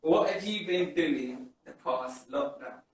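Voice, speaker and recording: A radio host in a casual interview asks his questions slowly, in a teasing way. He is heard from a distance in a very echoey room with faint background ambience. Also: fairly high pitch, lively intonation. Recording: roomy, off-mic with faint ambience.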